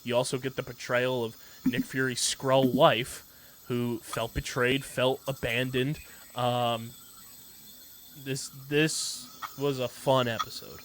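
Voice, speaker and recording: A man's voice: mid-range voice, flat delivery, takes it slowly, a bit bright, a little hiss or hum. A male podcast co-host talking casually and enthusiastically, rambling with lots of filler words as he recaps a TV episode. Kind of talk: casual pop-culture podcast chat.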